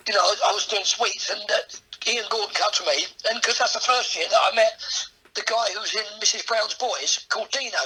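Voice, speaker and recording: A man's voice: sits high, a little fast, sharp tone, a little hiss or hum, rough recording. An older man, a comedian, chatting as a guest and telling rambling anecdotes full of tag questions. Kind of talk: casual anecdotal chat.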